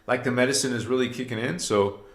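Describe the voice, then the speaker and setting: A man's voice: mid-range voice, fairly even intonation, fast, reverberant. Exuberant man hosting a spiritual livestream. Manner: exuberant, laughing, affirmation-chanting. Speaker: livestream host. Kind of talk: casual spiritual livestream chat.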